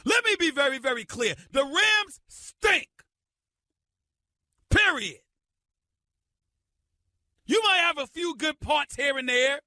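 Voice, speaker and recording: A middle-aged man hosting a sports radio show, ranting loudly and emphatically into a studio microphone. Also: very high-pitched, animated, brisk, hardly any pauses, no room sound. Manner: loud, emphatic, shouting tirade.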